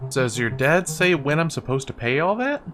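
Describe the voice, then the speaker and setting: A woman putting on a deep, weary deadpan man in a game. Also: a little fast, faint music behind. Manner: dry, deadpan jokes. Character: weary down-on-his-luck adult man, deadpan. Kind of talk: voice-acting a game.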